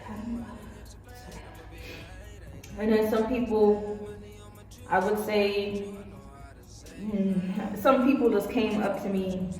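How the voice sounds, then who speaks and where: A woman's voice: medium pitch, steady tone, slow, pauses often. A young woman tells a personal story, rambling and full of fillers, sometimes acting out what others said. She sits far from the mic in a very echoey room with a long reverb. Faint music plays behind her. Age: young adult. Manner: rambling, filler-heavy, acts out quotes. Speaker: vlogger. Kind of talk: casual storytelling.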